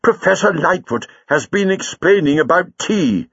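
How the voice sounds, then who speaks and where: A man's voice: high voice, expressive, measured pace, a bit bright, husky, no echo, voice pushed up, exaggerated voice. A man voicing a blunt, plain-spoken young woman warrior, on a dull lo-fi recording.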